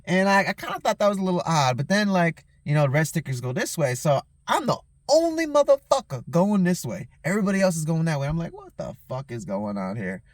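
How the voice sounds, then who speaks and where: A tipsy man telling a story on his own show, cursing heavily and checking in with the listener again and again. His voice sits fairly high for a man. The sound is close and dry, with no room around it. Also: very animated, fast talker, few pauses, no echo. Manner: profane, heated, keeps asking "you know what I'm saying". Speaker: host. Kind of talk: casual storytelling rant.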